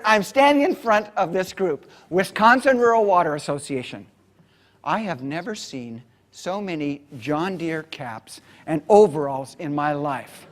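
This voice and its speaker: A man giving a storytelling keynote to a conference audience, dramatic, swinging from whispers to loud bursts. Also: on the high side, in a large hall. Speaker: motivational keynote speaker.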